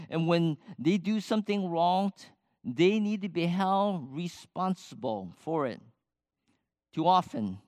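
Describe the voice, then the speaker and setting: An older man preaching a sermon, slow and measured, with emphatic rises on key points. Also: fairly high pitch, dry recording, studio quality. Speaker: pastor.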